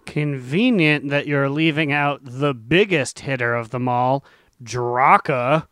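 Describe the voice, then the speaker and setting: Slow, crisp playful man. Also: mid-range voice, fairly bright tone, no echo, clean studio sound. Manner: playful, teasing, drawn-out segment announcing. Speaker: podcast co-host. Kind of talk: casual gaming chat.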